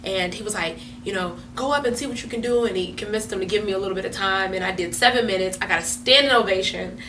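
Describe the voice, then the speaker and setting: A comedian guest in an interview, chatty and laughing as she tells animated stories. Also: mid-range voice, fast talker. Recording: roomy, distant, faint hum.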